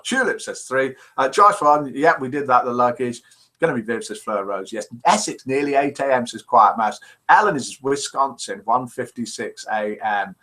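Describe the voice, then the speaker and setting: A man's voice: medium pitch, bright, forceful tone, rough recording. A man from England with a Midlands accent hosting a live call-in show, chatting and reading out listeners' messages. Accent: English Midlands. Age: older. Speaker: host.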